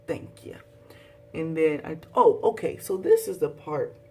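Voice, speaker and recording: A young woman, recapping a TV show in a casual, dramatic vlog with high exclaims. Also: animated, moderate pace, a little mellow, breathy edge, distant mic. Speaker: vlogger.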